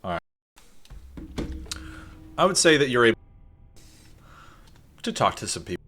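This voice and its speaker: A man running a tabletop game as game master, relaxed and full of fillers. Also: mid-range voice, measured pace, slight background noise.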